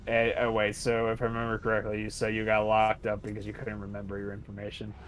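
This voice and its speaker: A man's voice: lowish voice, monotone, fast talker, a bit bright. A man talking casually with a friend over a voice call, rambling and repeating himself with frequent laughs.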